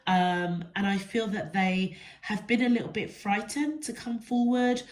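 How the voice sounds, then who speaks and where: A woman's voice: mid-range voice, steady tone, a little slow, poor audio. A woman with a stuffy, congested nose, giving a rambling, casual tarot reading to camera and often checking in with the listener. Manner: rambling, checks in with the viewer often ("okay?", "yeah?"). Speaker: tarot reader.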